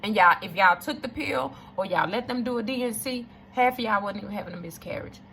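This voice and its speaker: An emphatic woman, speaking straight to her viewers. Her voice is bright and forceful, with a gravelly fry, and a faint hiss of noise sits behind it. She drives her points home by repeating them. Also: mid-range voice, a little fast. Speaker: storyteller addressing viewers. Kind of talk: casual testimony to camera.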